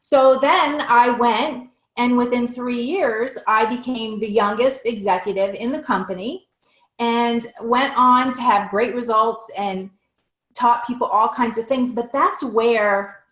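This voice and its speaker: A woman telling her story as an interview guest, talking in an animated, conversational way and sometimes restarting her sentences. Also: measured pace, echoey room. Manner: animated, acts out past conversations with lively shifts in pitch; fluent with frequent restarts and filler words.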